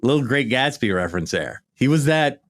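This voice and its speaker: Lively, lighthearted American man reminiscing. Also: medium pitch, fairly quick. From United States. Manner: animated, lighthearted, frequent "right?" and "you know". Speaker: podcast host. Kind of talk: casual reminiscing monologue. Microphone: podcast microphone.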